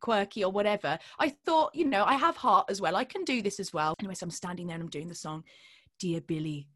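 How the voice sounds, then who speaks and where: A woman in her thirties, a singer and performer, telling animated stories as a podcast guest and acting out the people in them. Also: medium pitch, fast. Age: 30s. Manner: expressive storyteller, acts out quoted voices, laughs often. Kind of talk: animated anecdotal chat.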